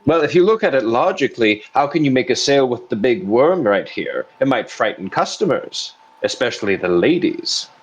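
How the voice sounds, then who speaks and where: A man playing in a tabletop game who talks in a measured and persuasive way. His voice sits mid-range, and his delivery is steady. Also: mid-range voice, breathy edge, dull audio. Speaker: player. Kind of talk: casual tabletop game play.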